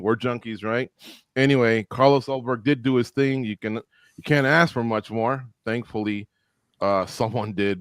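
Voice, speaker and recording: A man hosting a casual roundtable talk show, jokey and animated, joking at his own expense. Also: medium pitch, dry recording, clean studio sound. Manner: jokey, animated, self-deprecating. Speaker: host.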